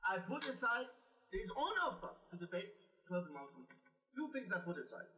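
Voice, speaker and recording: A combative man who keeps driving his points home, his voice riding high and swinging widely in pitch. He sounds set back from the mic in a roomy space, and the audio is dull and muffled. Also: big pitch swings, moderate pace, pushed and bright, recorded from a distance. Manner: combative, repetitive. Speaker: debater. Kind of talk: heated online debate talk.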